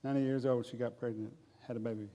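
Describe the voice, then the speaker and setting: A man's voice: mid-range voice, level tone, quick pace, warm tone, big-room sound. A man preaching a humorous sermon in a folksy, jokey way. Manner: folksy, jokey, addresses crowd as guys.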